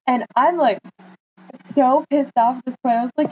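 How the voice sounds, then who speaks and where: A teenage girl tells a long personal story to her camera in a casual, chatty way, jumping into lively quotes of her friends and family. Her voice sits a little high, and a faint hiss runs under the recording. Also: normal speed, low-quality recording. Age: teens. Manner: chatty, animated quoting of friends. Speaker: vlogger.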